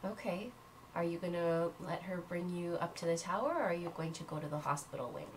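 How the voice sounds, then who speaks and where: A woman running a family tabletop game as game master, telling the story in an animated and encouraging way. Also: lowish voice, fairly quick, slight background noise, rough recording.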